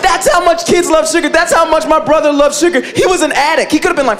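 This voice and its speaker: A man doing a stand-up routine, acting out family members in animated voices. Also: very high voice, brisk. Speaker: stand-up comedian. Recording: live club recording with crowd noise.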